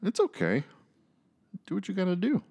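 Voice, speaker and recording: A man's voice: high-pitched, huge pitch swings, moderate pace, gravelly, darkish tone, slightly rough. A man co-hosting a podcast, telling stories in casual chat with lots of fillers and jokey asides. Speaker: podcast co-host.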